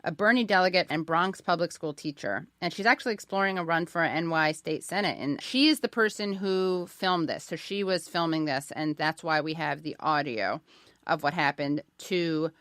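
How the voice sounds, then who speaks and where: A woman's voice: deep voice, normal speed, a bit bright, no echo, studio quality. A woman radio host setting the scene between clips with brief acknowledgments. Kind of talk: interview hosting.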